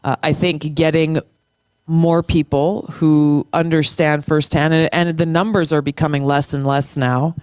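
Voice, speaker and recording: Impassioned middle-aged veteran, smooth voice. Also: medium pitch, little pitch movement, a little mellow, dry recording, clean studio sound. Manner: impassioned, restarts phrases, slows down for emphasis. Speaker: guest, military veteran and former state lawmaker. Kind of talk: earnest conversational interview.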